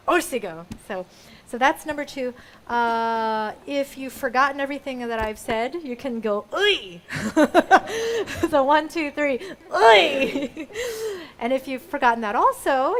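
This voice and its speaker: A woman performer explaining audience call-outs at a live show in a museum, playful and chatty, laughing often. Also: high voice. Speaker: solo musical performer.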